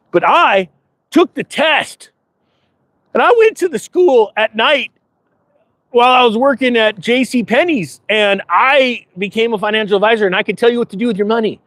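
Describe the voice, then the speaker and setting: Man putting on a boastful financial advisor, sarcastic, high pitch, very sing-song. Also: animated, normal speed, a bit bright, no room sound. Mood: smug. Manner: sarcastic, boastful, rambling with asides. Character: smug self-important male financial advisor persona. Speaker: finance vlogger. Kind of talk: comedic persona monologue to camera. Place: outdoors in front of a big-box store.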